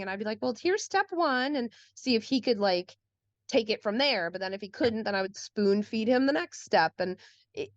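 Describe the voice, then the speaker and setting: A woman's voice: mid-range voice, dry recording, lo-fi sound. A woman co-hosting a podcast in casual conversation, chatty and full of "like" fillers, often acting out quoted speech. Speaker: podcast co-host.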